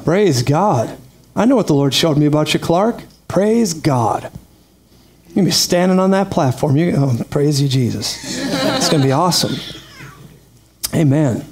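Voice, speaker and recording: A man's voice: fairly high pitch, darkish tone. Chatty, laughing man preaching a sermon. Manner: chatty, laughing asides, storytelling.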